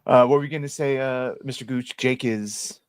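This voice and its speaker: A man hosting a casual live podcast chat, joking and playful, swinging between loud and soft. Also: medium pitch, level tone, quick pace, smooth, no echo. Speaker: podcast host.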